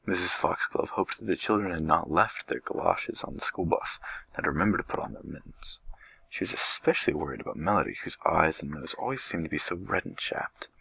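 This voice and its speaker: Very deep gravelly man reading a storybook. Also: dry recording, poor audio. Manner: gentle, unhurried reading with light voices for characters. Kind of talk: children's book read aloud.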